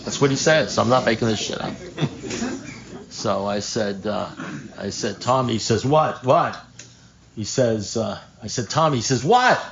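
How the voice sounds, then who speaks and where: An older man speaking at a recovery meeting, telling a story in an animated way, acting out phone calls, swearing and laughing at his own punchlines. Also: fairly low pitch, normal speed, gravelly, highs cut off. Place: meeting room.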